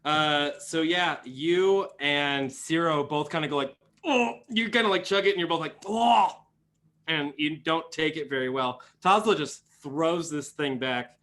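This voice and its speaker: Young male game master, a bit high-pitched, rambling filler-heavy narration. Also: moderate pace, hardly any pauses, bright, forceful tone. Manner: rambling, many fillers and restarts.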